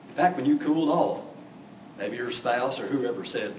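A man's voice: medium pitch, lively intonation, normal speed, a little mellow, dull audio, slight background noise. A man preaching a sermon, telling the story with drama and acting out voices. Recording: echoey room from a distance.

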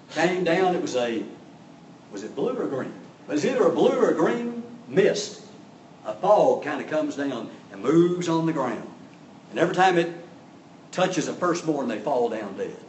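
A man's voice: fairly high pitch, big pitch swings, a little slow, pauses often, a little hiss or hum. Dramatic preaching man in an echoey church. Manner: dramatic storytelling with sudden loud rises and soft drops. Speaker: pastor. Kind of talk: sermon. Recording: echoey room, voice from a distance.

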